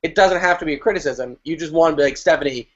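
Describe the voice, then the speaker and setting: A man who teaches improv, chatting animatedly with quick, profane asides. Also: a little high. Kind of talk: casual panel chat. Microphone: video call. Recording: lo-fi video call audio.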